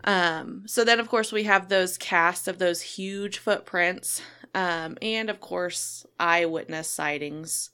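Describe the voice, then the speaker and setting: A woman co-hosting a podcast in casual chat, relaxed and chatty, with many fillers. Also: on the low side, takes it slowly, few pauses, clear, resonant tone. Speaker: podcast co-host.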